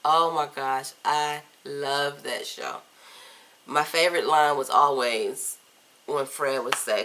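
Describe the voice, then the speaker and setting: A woman in her thirties from Virginia, chatting casually through a list of tag questions on a camcorder, candid and playful, often trailing off softly. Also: extremely low pitch, takes it slowly, slight background noise. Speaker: vlogger. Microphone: camcorder mic.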